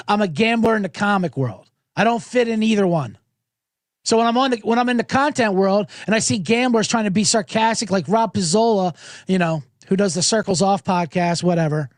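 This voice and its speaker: A man's voice: high voice, no echo, studio quality. A middle-aged man hosting a podcast, ranting in a sarcastic comedic monologue and swearing freely. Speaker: podcast host.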